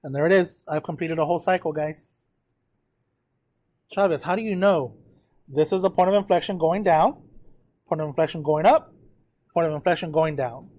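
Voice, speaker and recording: A man's voice: on the high side, moderate pace, pauses often, darkish tone. A man teaching a math lesson, working through a graph step by step, counting aloud and addressing his students directly.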